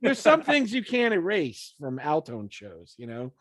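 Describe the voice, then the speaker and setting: This man hosts a loose, casual interview with a band. His voice sits a little higher than most men's, and he swears freely and laughs often. He slips in and out of quoted voices while he tells his stories, and the sound is close and dry. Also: a little slow, no echo. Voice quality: swears freely, animated storytelling. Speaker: podcast interviewer. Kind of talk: casual chat.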